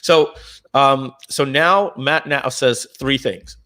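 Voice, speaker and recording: A man co-founding a company tells a long story on a live stream in casual talk. He clears his throat often, restarts and repeats words, and acts out what others said. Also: mid-range voice, unhurried. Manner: animated, acts out the dialogue of others.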